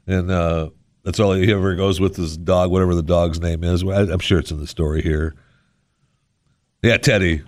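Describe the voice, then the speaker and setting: A man with a fairly low voice holds forth as a radio talk show host. He rambles with sarcastic asides, close on a studio mic with a dry, dead sound. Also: a bit bright, no echo. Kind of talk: casual radio monologue. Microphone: studio microphone.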